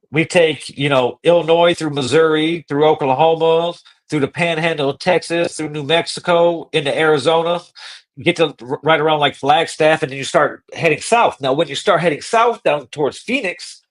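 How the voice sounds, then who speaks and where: Animated, profane man telling a story. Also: a little high. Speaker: podcast host. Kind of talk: casual storytelling.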